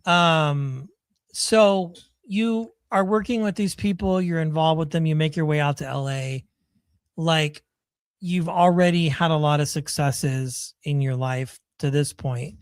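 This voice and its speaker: A man hosting an interview, asking relaxed framing questions and giving brief reactions. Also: fairly high pitch, a little slow, smooth, no room sound, studio quality. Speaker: podcast host.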